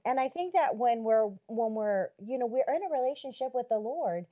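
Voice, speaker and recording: A woman's voice: a little high, lively intonation, moderate pace, warm tone, highs cut off. A woman on a Christian talk show reflecting on relationships through repeated rhetorical questions.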